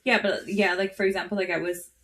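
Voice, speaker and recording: A woman's voice: medium pitch, little pitch movement, quick pace, a bit bright. A woman co-hosting a podcast in casual chat, filling her talk with "like" and throwing in joking asides. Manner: chatty, joking asides, lots of "like". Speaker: podcast co-host.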